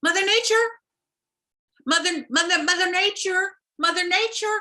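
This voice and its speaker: A woman's voice: moderate pace, pushed and bright. A woman doing an eager little boy fish. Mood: pleading. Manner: high, pleading and breathless with eagerness. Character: excitable little male fish wanting to fly.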